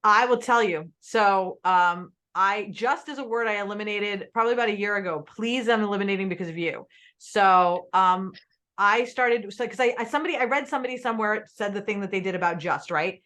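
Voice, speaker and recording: A woman's voice: mid-range voice, a little fast, fairly bright tone. Woman podcast host, mid-range voice, casual and chatty, swears. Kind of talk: podcast interview.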